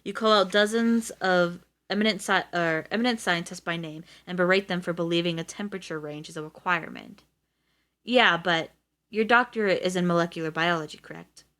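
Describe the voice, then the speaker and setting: A woman's voice: lowish voice, brisk, a bit bright. A woman reading aloud as a poised middle-aged female official who speaks in a cool, direct way. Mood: cool, businesslike.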